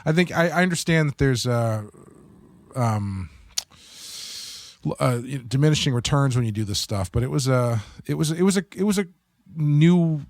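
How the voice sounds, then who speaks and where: A man co-hosting a podcast in casual chat, thinking aloud with halting fillers. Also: mid-range voice, expressive, dry recording. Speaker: podcast co-host.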